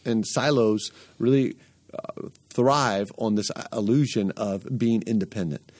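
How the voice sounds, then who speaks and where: A man's voice: lowish voice, unhurried, darkish tone, dry recording, studio quality. A man hosting an interview, talking earnestly in a coaching tone and stringing his points together in lists. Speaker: podcast host. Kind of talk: conversational interview.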